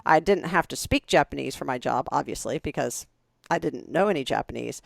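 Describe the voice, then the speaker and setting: A woman in her forties, co-hosting a podcast, tells chatty, animated stories and acts out other people's lines. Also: a bass voice, brisk, creaky, no echo, studio quality. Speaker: podcast co-host. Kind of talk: casual storytelling chat.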